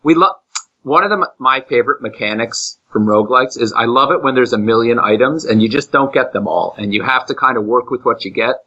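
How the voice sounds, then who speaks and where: A man's voice: mid-range voice, brisk, bright, forceful tone, highs cut off. A man from upstate New York, a game developer chatting casually on a podcast with frequent restarts.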